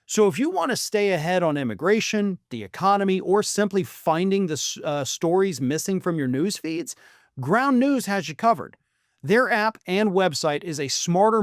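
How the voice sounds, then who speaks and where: A man's voice: high voice, no echo, studio quality. A man hosting a political commentary show, talking in a scornful, emphatic monologue with some restarts.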